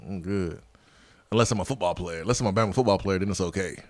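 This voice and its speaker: A man's voice: low voice, fast talker, no room sound. A man co-hosting a casual sports talk show, goofy and drawling. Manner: goofy, laughs easily, drawling. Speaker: sports radio co-host.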